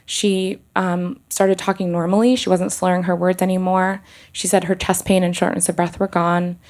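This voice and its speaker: Halting woman with a gravelly low voice. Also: level tone, a little mellow. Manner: earnest, halting, with pauses and restarts. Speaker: OB-GYN telling a personal story. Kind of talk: live personal storytelling.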